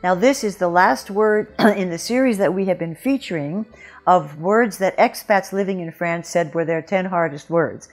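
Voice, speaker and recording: A woman teaching French pronunciation in a patient, careful lesson, modeling each word slowly. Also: lowish voice, soft background music. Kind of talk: instructional lesson.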